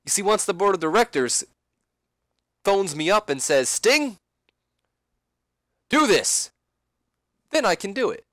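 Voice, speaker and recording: A man's voice: sits high, sing-song, measured pace, long pauses, a bit bright, no echo, clean studio sound, pitched above the performer's own voice, exaggerated voice. A man doing a smug, taunting wrestling veteran.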